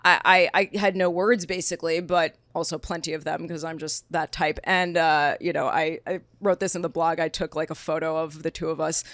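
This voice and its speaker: A woman's voice: sits low, normal speed, hardly any pauses, no echo. Chatty young woman telling a story. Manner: animated storyteller, acts out quotes, many likes. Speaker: podcast guest. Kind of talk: casual chat.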